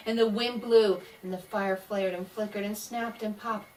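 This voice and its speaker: A woman reading a scary story aloud in a slow, dramatic way, voicing the sound effects herself. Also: medium pitch, level tone, a little mellow, distant mic, a little hiss or hum, poor audio. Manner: slow spooky delivery with voiced sound effects.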